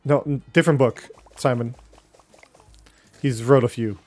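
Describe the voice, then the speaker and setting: Slow-talking man streaming a game. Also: medium pitch, steady tone, soft background music. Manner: chatty, reacting and talking to chat while playing. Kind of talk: casual live game commentary.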